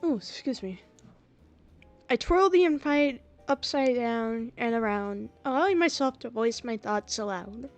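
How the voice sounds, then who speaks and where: Slow, giggly woman streamer. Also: on the high side, animated, faint music behind. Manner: giggly, reactive, chatty. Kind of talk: game playthrough with reading aloud.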